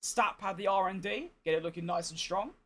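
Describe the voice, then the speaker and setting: Streamer, man, high-pitched, croaky and worn out, chatty, swearing, exasperated. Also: a little fast, fairly bright tone. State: hoarse, tired. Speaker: gaming streamer. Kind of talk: casual gameplay commentary.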